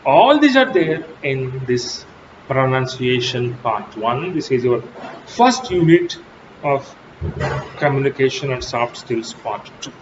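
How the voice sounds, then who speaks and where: Slow, emphatic male lecturer. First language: Telugu. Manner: slow, emphatic teaching with sharp pitch jumps on key words. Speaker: English lecturer. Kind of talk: recorded college lecture. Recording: dull lo-fi audio with steady background noise.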